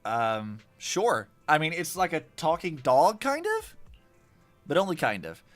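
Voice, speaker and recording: A young man commenting casually on a game he is playing, chatty and animated with lots of fillers. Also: fairly high pitch, a little slow, soft background music. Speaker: streamer.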